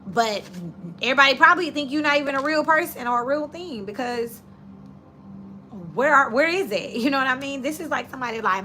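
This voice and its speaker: A woman's voice: fairly high pitch, fairly quick, pushed and bright, slight background noise. A woman giving a casual tarot reading, talking in a chatty, direct, coaching way. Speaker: tarot reader.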